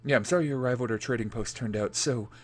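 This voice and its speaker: A man voicing a gentle young female trader's wife from a role-playing game, read aloud plainly in his own voice without changing it. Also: mid-range voice, very fast, natural voice. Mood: apologetic.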